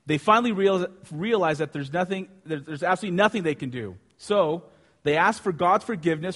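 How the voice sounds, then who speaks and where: A man preaching a sermon with animated storytelling, asking his listeners questions. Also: sits high, fairly quick. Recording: long hall reverb.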